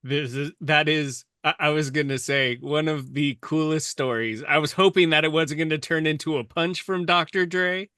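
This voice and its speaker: A man's voice: a little high, steady tone, normal speed, few pauses, pushed and bright, clean tone, dry recording, studio quality. A man hosting a casual interview, enthusiastic and restarting his questions as he goes. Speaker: podcast host.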